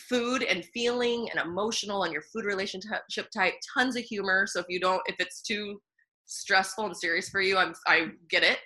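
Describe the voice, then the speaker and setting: A woman nutritionist talking in a casual interview, bubbly and animated, laughing often between thoughts. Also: mid-range voice.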